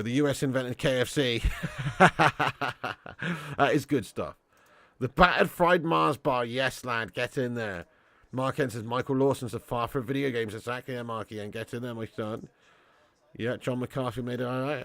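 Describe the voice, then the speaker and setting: A man's voice: medium pitch, moderate pace, fairly bright tone, no room sound. A man hosting a live football watch-along, reading out viewer messages and joking with cheeky boasts and lots of laughter. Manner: banter-heavy, laughs often, joking boasts. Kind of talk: live-stream chat reading super chats.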